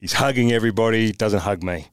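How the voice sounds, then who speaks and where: A man's voice: lowish voice, fast, smooth, dry recording. Dry-voiced Australian man telling blunt stories. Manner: animated, blunt anecdotes with mild swearing. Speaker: podcast guest, former footballer. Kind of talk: casual storytelling chat.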